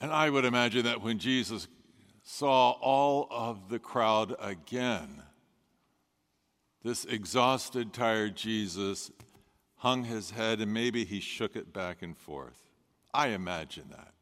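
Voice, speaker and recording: A man delivers a sermon at an unhurried, deliberate pace, letting pauses hang between phrases. His voice is bright and forceful, and it rings out with a long reverb in a large sanctuary. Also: on the low side. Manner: measured storytelling with dramatic pauses. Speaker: pastor.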